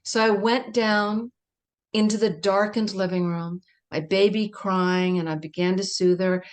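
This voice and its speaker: A woman's voice: medium pitch, fairly even intonation, unhurried. A middle-aged woman, a guest on a spiritual livestream, telling an intimate personal story in a reflective way. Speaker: guest speaker.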